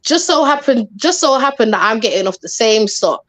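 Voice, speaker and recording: A woman telling a story on a live panel, animated and chatty, acting out what people said. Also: a little high, moderate pace, no room sound. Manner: animated, acts out quotes, chatty slang. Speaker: panel guest.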